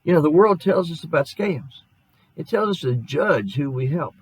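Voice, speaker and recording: Husky-voiced pastor preaching, losing his voice. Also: a little high, expressive, normal speed, no room sound, rough recording. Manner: earnest storytelling, folksy. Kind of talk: sermon.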